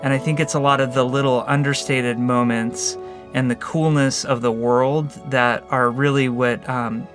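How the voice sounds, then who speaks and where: A man reflects in an interview with a thoughtful, slightly hesitant delivery. His voice has an ordinary middle pitch. Faint music sits underneath. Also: steady tone, normal speed. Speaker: game developer.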